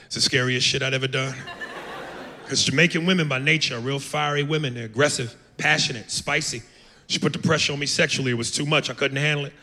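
A man's voice: medium pitch, fairly even intonation, fast talker, bright, forceful tone. A man doing a brash, profane stand-up set in a comedy club, acting out voices. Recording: live club mic with echo and noise.

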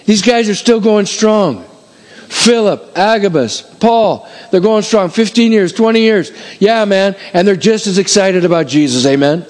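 Male pastor, fairly high voice, animated sermon delivery, emphatic, auctioneer-like counting. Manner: emphatic, slows down to stress key points. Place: church.

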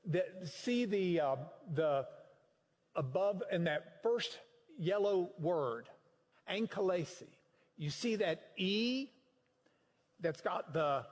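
A preacher man teaches scripture in an animated, emphatic way. His voice sits high and swings widely in pitch. The sound rings with a long hall reverb. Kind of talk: sermon-style Bible teaching.

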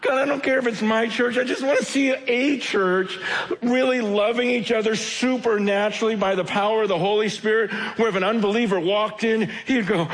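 Male preacher, high voice, urgent, emotional, stumbling repeats as he presses his point. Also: moderate pace. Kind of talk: impassioned sermon. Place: conference hall.

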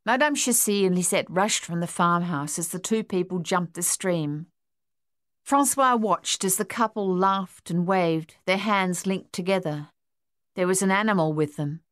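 A woman reading an audiobook in a measured, even storytelling delivery. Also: lowish voice, no room sound, clean studio sound. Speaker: audiobook narrator. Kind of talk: scripted audiobook narration.

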